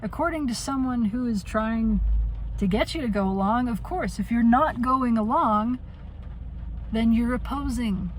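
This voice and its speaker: A woman's voice: on the high side, a little slow, a little hiss or hum, poor audio. A woman venting in a personal monologue, blunt and profane, often trailing off and restarting. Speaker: vlogger.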